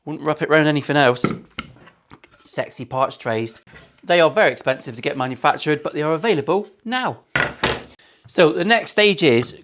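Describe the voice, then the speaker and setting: Man, luthier, workshop vlog, slightly high voice, casual banter, sweary, jokey. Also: a little hiss or hum. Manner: cheeky, sweary, jokey asides. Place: guitar workshop.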